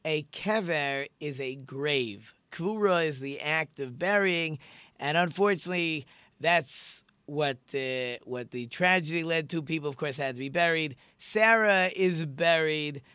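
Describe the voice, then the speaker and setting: A man's voice: on the high side, measured pace, bright, forceful tone, clear, resonant tone, dry recording. A middle-aged man, a rabbi hosting a radio talk show, speaking in a chatty, conversational way with many fillers and restarts as he tells a story.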